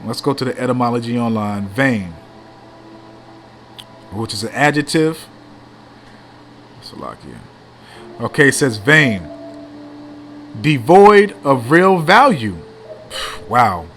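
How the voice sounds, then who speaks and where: A man's voice: medium pitch, animated, slow, pauses often, sharp tone, a little hiss or hum. A man preaching in a blunt, profane street style, reading scripture aloud and tagging lines with "man".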